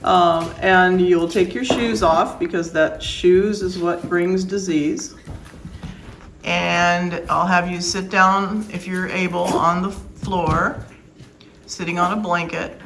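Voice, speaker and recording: Woman dog breeder, lowish voice, firm and emphatic, casual vlog, faint room noise behind. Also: fairly even intonation, slow pace. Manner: firm, plain-spoken, emphatic.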